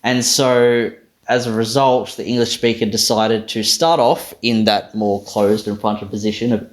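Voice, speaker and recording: A man teaching pronunciation in a casual, think-aloud way, correcting himself as he goes and swearing now and then. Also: medium pitch. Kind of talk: casual phonetics explainer.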